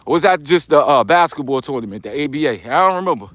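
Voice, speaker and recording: A man's voice: a little high, lively intonation, brisk, few pauses, fairly bright tone, a little hiss or hum. A man with a New York accent hosting a casual livestream outdoors while walking, reading viewers' comments aloud in loose, slangy talk. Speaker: livestream vlogger. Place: outdoors on a snowy street, walking.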